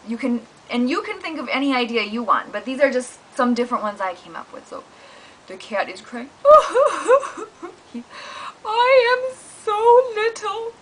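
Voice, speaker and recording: A woman's voice: fairly high pitch, a bit bright, slight background noise, low-quality recording. A woman teaching a Spanish lesson to homeschool students, explaining in a patient, encouraging way.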